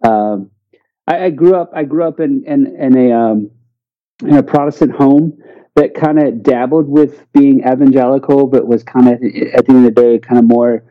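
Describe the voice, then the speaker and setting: A man from the United States, a podcast guest, talking casually and haltingly, often repeating words. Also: mid-range voice, narrow, tinny audio. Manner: halting, repeats words while searching for them. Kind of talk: casual interview chat.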